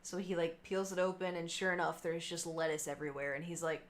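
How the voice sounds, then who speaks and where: A woman's voice: fairly low pitch, fast talker, hardly any pauses, slight background noise. A young woman telling a long story casually to her stream chat, acting out the people in it with lots of fillers. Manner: chatty, animated quoting of others, many fillers.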